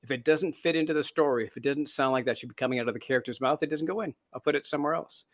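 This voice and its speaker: Speaking rapid-fire in a mid-range voice, a Canadian-born man tells stories as an author guest in a casual interview. He's chatty and self-deprecating, with frequent fillers and restarts.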